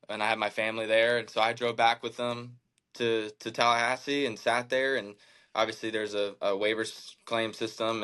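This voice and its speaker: A man in his thirties, a podcast guest, telling a candid personal story in an earnest, halting way, with many fillers and restarts. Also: fairly low pitch, fairly bright tone. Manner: emotional, reflective faith talk. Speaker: podcast guest, baseball pitcher.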